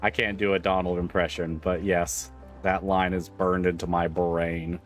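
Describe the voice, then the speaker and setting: A man's voice: low-pitched, flat delivery, a little slow, faint music behind. A man livestreaming, chatting casually with viewers, laughing often, swearing freely and rambling through restarts. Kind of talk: casual chat with stream viewers.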